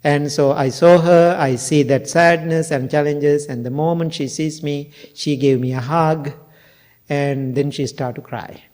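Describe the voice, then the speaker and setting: An older monk gives an earnest dharma talk in a mellow, fairly high voice. He speaks slowly and simply, with broken grammar, and keeps asking the listeners questions. His tone is warm and easy. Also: steady tone. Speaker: Buddhist monk and teacher. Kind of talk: dharma talk to a temple audience.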